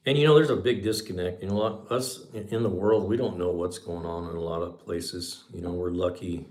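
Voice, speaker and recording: A man's voice: low voice, steady tone, brisk, darkish tone. A man, from Southern California, hosting a casual livestream chat in a rambling, laid-back way. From Southern California, USA. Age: 60s. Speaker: livestream host.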